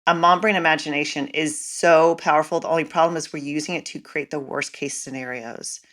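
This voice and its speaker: A woman guest, a mom coach, telling stories in an animated, dramatic way during a casual interview. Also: sits low, a little fast.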